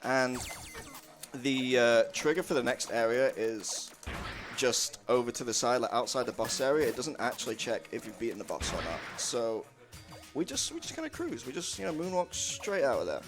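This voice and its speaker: Chatty male speedrunner, animated delivery, music bed underneath. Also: mid-range voice, normal speed. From United Kingdom. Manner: chatty, jokey, laughs often. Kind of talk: casual live commentary on a game run.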